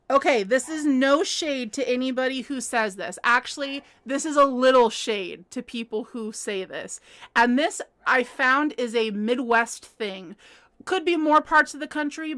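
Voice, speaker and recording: Woman, high voice, bright tone, casual livestream chat, giggly, reads comments aloud. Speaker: livestream host. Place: at home.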